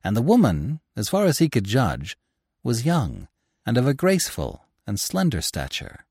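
A man narrating a classic story in an expressive storytelling manner. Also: mid-range voice, normal speed, breathy edge, dry recording, clean studio sound. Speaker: audiobook narrator. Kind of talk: scripted narration.

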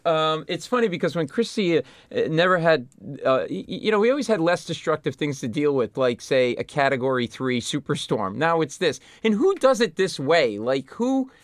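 A middle-aged comedian from Rhode Island, telling stories as an interview guest in an animated, stumbling way. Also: male voice, fairly high pitch, no echo. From Providence, Rhode Island. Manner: animated, stumbles and restarts mid-sentence. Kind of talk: conversational storytelling.

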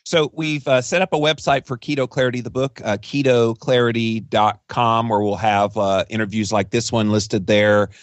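A man's voice: mid-range voice, steady tone, normal speed, hardly any pauses, no room sound. A man being interviewed as a podcast guest and author, talking casually and rambling, with restarts. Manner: chatty, rambling with frequent restarts and laughs.

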